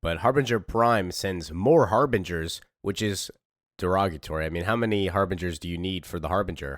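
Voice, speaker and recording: A man casually recapping and reading a comic, excitable and emotional. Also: deep voice, brisk, dry recording, clean studio sound. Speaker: comic book reader and youtuber.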